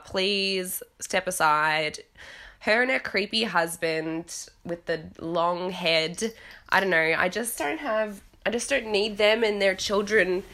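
A woman's voice: mid-range voice, pushed and bright. A woman recapping a reality show at home, talking in a frank, chatty way and swearing casually. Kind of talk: casual chat. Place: home with cats nearby.

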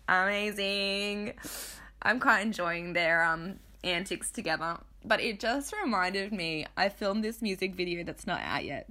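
A woman's voice: mid-range voice, bright, forceful tone. A woman hosting a chatty podcast, gossiping about reality TV, swearing and laughing often. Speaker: podcast host recapping reality TV. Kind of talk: casual chat.

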